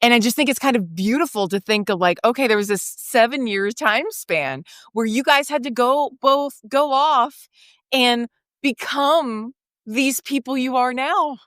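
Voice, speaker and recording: A woman's voice: a little high, a little slow, a bit bright, no echo, studio quality. A woman hosting a podcast, responding to her guest in a reflective, supportive way. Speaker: podcast host. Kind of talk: casual chat.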